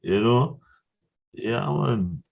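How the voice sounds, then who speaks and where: Animated Jamaican man telling stories. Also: mid-range voice, drawn-out words, gravelly, highs cut off. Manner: animated storyteller who laughs often and acts out voices. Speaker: guest artist. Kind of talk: casual interview storytelling.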